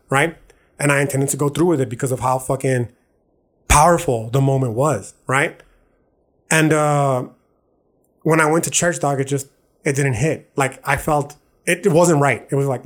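A man's voice: a little high, normal speed. Earnest slangy man, confessional. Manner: casual slangy talk, says "dog" and "bro" often; earnest, confessional, with many restarts. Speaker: podcast host. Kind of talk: personal storytelling monologue.

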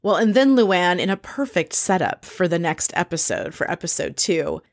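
A woman's voice: lowish voice, animated, normal speed, vocal fry. Chatty woman gossiping through a recap. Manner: chatty, gossipy, acts out quoted lines in a brighter voice. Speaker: reality TV recap host. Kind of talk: casual episode recap.

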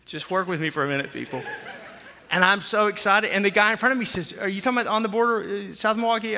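Bright-voiced pastor preaching in a hall. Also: male voice, sits high, quick pace, a little hiss or hum. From Oklahoma. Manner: storytelling, jokey and animated. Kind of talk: sermon. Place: church sanctuary. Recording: long hall reverb.

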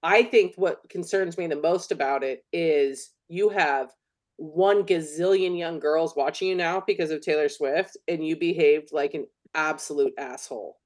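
A woman's voice: deep voice, moderate pace, a little mellow. A woman co-hosting a podcast in casual chat, blunt and emphatic, swearing freely. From United States. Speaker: podcast co-host.

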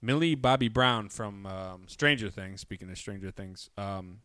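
A man's voice: lowish voice, measured pace, clean tone, no echo, studio quality. A man co-hosting a podcast, chatting casually and telling funny stories with a laugh. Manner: animated storyteller, laughs while telling jokes. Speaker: podcast co-host. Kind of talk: casual chat.

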